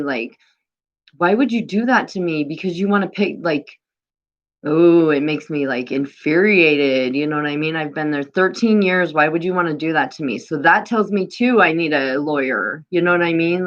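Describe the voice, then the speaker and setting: A woman's voice: deep voice, normal speed. A middle-aged woman venting casually on her live stream, rambling and swearing, often asking "you know what I mean". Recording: dull lo-fi phone audio.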